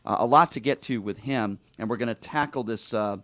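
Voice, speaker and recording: A man's voice: mid-range voice, brisk, fairly bright tone, dry recording. Ranting man hosting a talk show. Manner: emphatic, ranting, frequent fillers and restarts. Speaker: radio talk show host. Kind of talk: opinionated studio talk show. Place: radio studio.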